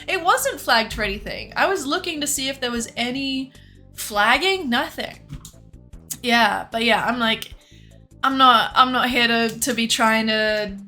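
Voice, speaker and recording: A woman's voice: a little high, normal speed, pushed and bright, soft background music. A young woman streamer in casual livestream chat, rambling, laughing often and swearing casually.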